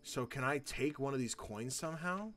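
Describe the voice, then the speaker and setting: Excitable man doing let's play commentary. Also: mid-range voice, moderate pace, faint music behind. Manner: excitable, goofy, thinks out loud. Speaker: gaming channel host.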